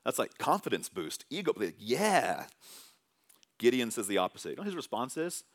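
A man delivers a sermon in a casual, talk-it-through manner, stumbling over words now and then. His voice sits at an ordinary middle pitch. He sounds like he is speaking to a gathered group in a church room. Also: quick pace. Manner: conversational, animated preaching with frequent fillers and asides.

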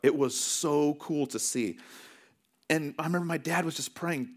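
A man preaching a sermon as a pastor, telling stories in a conversational, animated way. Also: a little high, moderate pace. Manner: conversational storytelling with animated swings.

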